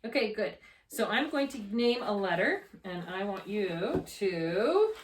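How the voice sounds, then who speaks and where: A woman tutoring a child in reading, encouraging, patient and gently correcting. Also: mid-range voice, big pitch swings, measured pace. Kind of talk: one-on-one tutoring session. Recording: far-off mic in an echoey room with faint noise.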